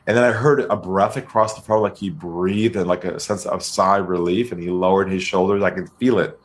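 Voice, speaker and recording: A man being interviewed as a sales trainer, telling stories in a calm, deliberate way. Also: sits low. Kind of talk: podcast interview storytelling.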